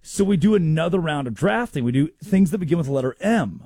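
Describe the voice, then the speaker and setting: Man, sports talk host, casual comedy, animated, quick asides. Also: on the high side, dry recording, clean studio sound.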